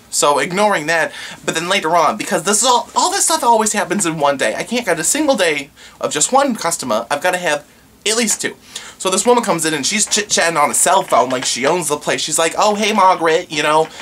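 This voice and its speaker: A man's voice: a little high, a bit bright, a little hiss or hum. A man who works in a pizza shop, chatting casually and acting out his customers' lines. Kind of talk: casual storytelling vlog.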